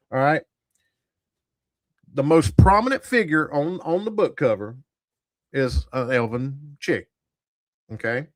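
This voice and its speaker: A man's voice: mid-range voice, dry recording, studio quality. A man hosting a tabletop gaming channel, giving blunt, profane, rambling commentary to a live chat. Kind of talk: casual livestream commentary.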